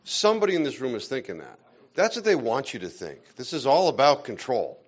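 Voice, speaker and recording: A man's voice: medium pitch, sing-song, brisk, breathy edge. A man speaking at a members meeting in a blunt, persuasive way. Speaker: speaker at a gun owners meeting.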